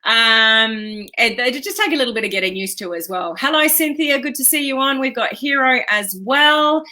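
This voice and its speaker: A woman's voice: on the high side, moderate pace, sharp tone. A woman with an Australian accent hosting a casual live stream, chatty and upbeat, greeting viewers by name and laughing often.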